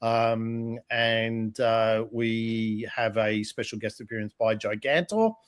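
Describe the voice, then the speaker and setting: A man's voice: fairly low pitch, steady tone, slow pace. A man co-hosting a podcast, chatting in a jokey, rambling way full of fillers. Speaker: podcast co-host. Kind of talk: casual chat.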